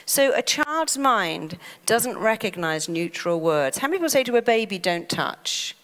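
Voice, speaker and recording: A woman's voice: on the high side, normal speed. Woman, middle-aged, therapist giving a pep talk, acts out panicky thoughts, big hall echo. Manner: lively, acts out panicked inner voices. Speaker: therapist and speaker. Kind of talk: motivational talk. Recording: long hall reverb.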